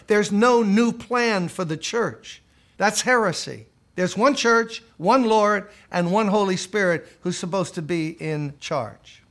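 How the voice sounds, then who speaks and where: A man's voice: high voice, fairly bright tone. A man preaching a sermon in an emphatic way, firing rhetorical questions and dropping mocking asides.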